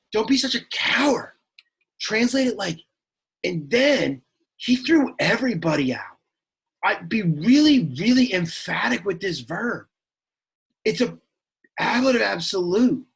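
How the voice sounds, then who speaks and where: Brief: man putting on a bored, sulky teenage boy teaching Latin, slow, croaky, very husky drawl. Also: sits high, exaggerated voice. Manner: deadpan, whiny, easily annoyed. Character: sullen awkward teenage boy, exasperated and bored. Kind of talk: Latin lesson in character.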